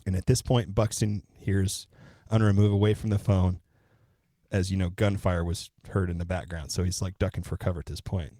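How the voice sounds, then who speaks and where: Speaking at a normal pace in a very low voice, a man co-hosting a podcast retells a true-crime case one event at a time. He's relaxed and occasionally profane. The recording is dry and close, with no room around it.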